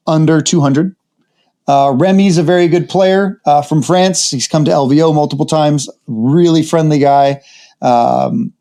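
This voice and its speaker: A man co-hosting a gaming podcast, easygoing and quick to laugh in casual chat. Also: a little high, dark tone. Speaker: podcast co-host.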